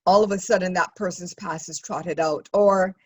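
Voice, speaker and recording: A woman co-hosting a podcast in casual conversation, talking haltingly with many restarts and fillers. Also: lowish voice, fairly even intonation, husky. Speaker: podcast co-host.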